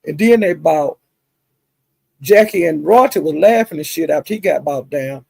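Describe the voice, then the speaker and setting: A woman's voice: deep voice, lively intonation, moderate pace, gravelly, dark tone, slightly rough, dry recording. A woman hosting a livestream, chattily retelling gossip with lots of asides and some cussing. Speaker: livestream host. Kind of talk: casual gossip storytelling.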